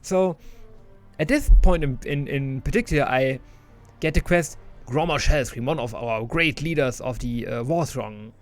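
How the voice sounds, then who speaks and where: A man's voice: mid-range voice, measured pace, soft background music. A man casually reviewing an old strategy game, chatty and enthusiastic with many restarts.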